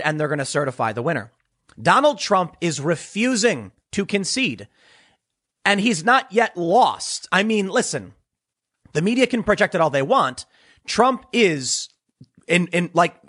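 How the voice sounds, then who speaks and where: High, animated man giving political commentary. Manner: emphatic, repeats words when excited.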